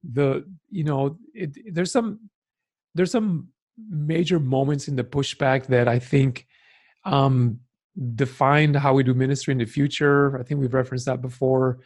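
A man's voice: mid-range voice, unhurried. A man co-hosting a podcast in casual chat, telling stories and teasing his partner. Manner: animated storyteller, teasing. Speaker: podcast co-host.

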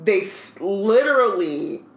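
A woman's voice: medium pitch, slow pace, reverberant. A woman co-hosting a podcast who chats casually and animatedly, with a playful, filler-heavy way of talking. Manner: animated, playful, says "like" a lot. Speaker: podcast co-host. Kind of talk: casual chat.

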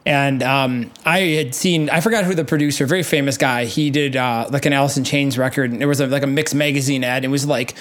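A man's voice: medium pitch, steady tone, a little fast, hardly any pauses, fairly bright tone. A man telling a long story in casual chat, sarcastic and profane, with lots of swearing and goofy humor.

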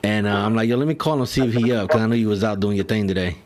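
A man's voice: lowish voice, very fast, over a noisy crowd. A man hosting a podcast, ranting casually and profanely, exasperated and rambling with restarts. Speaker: podcast host.

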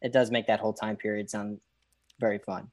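A man's voice: fairly low pitch, level tone, brisk, a little mellow. A man co-hosting a podcast, talking casually and joking in a laid-back way. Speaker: podcast co-host. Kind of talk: casual chat.

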